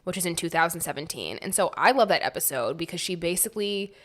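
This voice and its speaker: Woman co-host from Connecticut, lowish voice, blunt and profane. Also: expressive, fast talker, a bit bright. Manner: blunt, profane, heated ranting. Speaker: podcast co-host. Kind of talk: casual chat.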